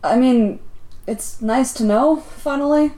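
A woman voicing a weary grown man, a photographer, speaking softly and wryly. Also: high voice, slow, echoey room. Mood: rueful. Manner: soft, wry, resigned.

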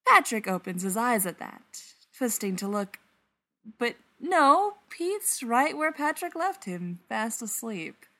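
Animated woman reading a story. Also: fairly high pitch, takes it slowly. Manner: expressive, animated narration. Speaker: narrator.

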